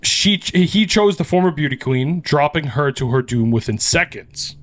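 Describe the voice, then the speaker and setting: A man's voice: fairly high pitch, normal speed. A man hosting a podcast, casually retelling an urban legend with swearing and frequent laughs. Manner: animated, swears, laughs often. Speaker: podcast host. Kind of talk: casual storytelling chat.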